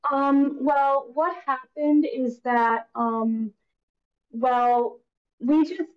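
A young woman in her twenties calls in to a livestream. She speaks very slowly and hesitantly, full of ums. Her voice sounds muffled and lo-fi. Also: high-pitched, steady tone. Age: 20s. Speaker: caller. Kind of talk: phoning in to a livestream.

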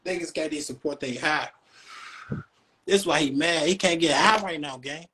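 A man's voice: on the high side, normal speed, sharp tone. Heated young Chicago man ranting. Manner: heated, taunting, repetitive street slang. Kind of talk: casual livestream rant. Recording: faint background noise.

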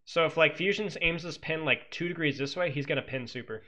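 A man coaching as he analyzes a match replay, animated and exclamatory, often talking straight to his viewers. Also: on the high side, fairly quick. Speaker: esports coach. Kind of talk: game replay analysis commentary.

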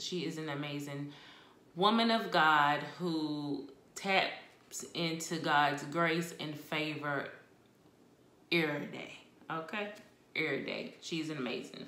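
A woman chatting casually about books she read, expressive and talkative with laughs and asides. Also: sits low, slow pace, reverberant. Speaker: book vlogger. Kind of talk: casual book review chat.

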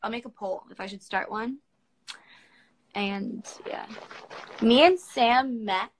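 Here a woman in her twenties, a model from Washington, D.C., United States, replies to fans while casually livestreaming from her phone at home. She talks at a slow pace in a fairly high voice, and the poor audio carries a little hiss or hum.

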